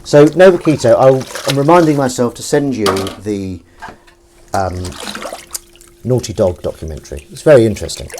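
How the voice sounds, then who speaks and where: A man's voice: mid-range voice, moderate pace, a little mellow, slight background noise. A man hosting a live stream, chatting casually and jokingly with viewers in a rambling, self-deprecating way. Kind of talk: casual chat reading viewer comments.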